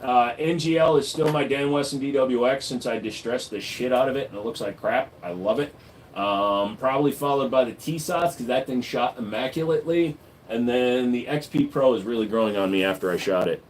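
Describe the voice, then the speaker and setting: A man hosting a casual livestream, answering viewer questions with a relaxed, joking manner that gets louder when he hypes up the chat. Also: mid-range voice, brisk, slight background noise. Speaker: livestream host and gun store owner.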